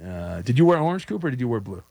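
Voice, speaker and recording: A man hosting a call-in sports radio show, teasing callers with quick jokes. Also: mid-range voice, sing-song, vocal fry, darkish tone, no room sound.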